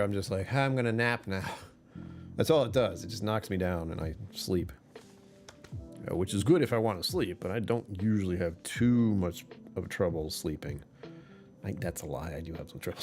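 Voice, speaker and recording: A man's voice: lowish voice, a little mellow. A man chatting casually on a live stream, rambling and joking with viewers.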